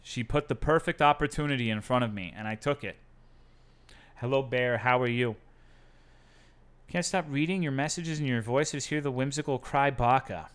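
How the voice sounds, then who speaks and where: Bright-voiced, profane streamer man. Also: medium pitch, normal speed, smooth. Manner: profane, self-mocking joking. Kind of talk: casual chat with viewers.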